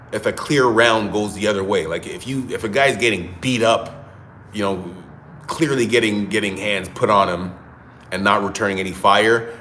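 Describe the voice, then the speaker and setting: A man's voice: deep voice, fairly bright tone, slight background noise. A man hosting casual solo boxing commentary, talking in a conversational, opinionated way and thinking aloud. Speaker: boxing commentator, show host.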